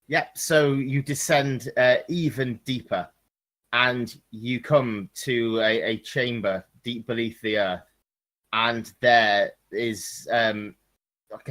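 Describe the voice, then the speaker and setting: A man's voice: mid-range voice, fairly bright tone. A man narrating as game master of a tabletop game, hesitant with many ums and restarts.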